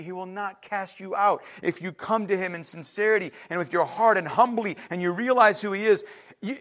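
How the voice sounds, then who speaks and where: A man's voice: high voice, a little fast, fairly bright tone. A man preaching a sermon in an emphatic, conversational way, with frequent restarts and asides to the congregation. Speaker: pastor.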